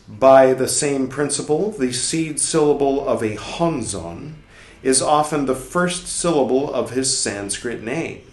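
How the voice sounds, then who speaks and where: A man reading a book aloud for a podcast, carefully and deliberately, now and then adding wry muttered asides. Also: mid-range voice. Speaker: podcast reader. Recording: roomy echo.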